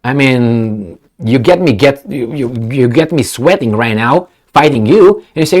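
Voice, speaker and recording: A man's voice: mid-range voice, measured pace, hardly any pauses. A man giving a heated political commentary, cursing, with frequent fillers and restarts. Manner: animated, heated, profane, many fillers and restarts.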